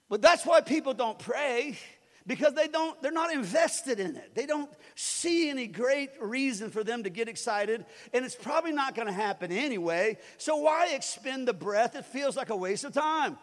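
High-voiced joking preacher in a reverberant hall. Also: male voice, expressive, moderate pace. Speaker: pastor. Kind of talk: sermon. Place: church sanctuary. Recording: long reverb of a large hall.

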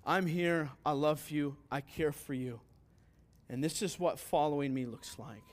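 A pastor doing god talking soft and gentle, calm and caring, light highish man's voice. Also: unhurried, natural voice. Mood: tender.

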